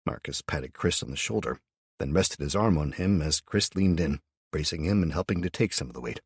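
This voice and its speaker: A man's voice: very deep voice, lively intonation, fairly quick, husky, no room sound, clean studio sound. A man narrating a first-person audiobook in a blunt, sardonic manner.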